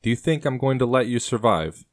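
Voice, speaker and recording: A man voicing a young male colonial assassin, speaking calmly and with menace. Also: mid-range voice, brisk, no room sound, pitched above the performer's own voice, lightly acted. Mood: cold menacing. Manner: calm and menacing in threats.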